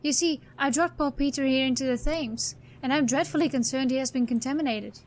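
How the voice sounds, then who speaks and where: Woman as a fretful grown man, prim, old-fashioned, fussy, higher pitch. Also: a little fast, a little hiss or hum, natural voice.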